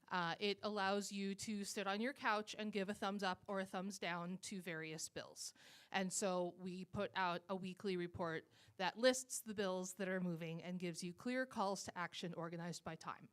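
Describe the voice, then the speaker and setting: A woman's voice: mid-range voice, fairly bright tone. A woman who co-founded a civic group and works as a citizen lobbyist, giving a casual, chatty talk to an audience and rambling with frequent fillers. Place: speaking at a live event with a microphone.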